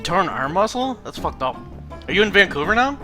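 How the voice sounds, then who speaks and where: A man's voice: sits high, sing-song, brisk. A man streaming a game, joking and swearing casually as he reads on-screen text aloud. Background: game music.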